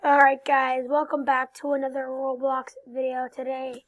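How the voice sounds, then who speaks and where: A woman's voice: sits high, completely flat delivery, moderate pace. A young woman hosting a gameplay video, chatting and joking dramatically about what happens in the game. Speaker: gaming video host. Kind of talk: casual gameplay commentary.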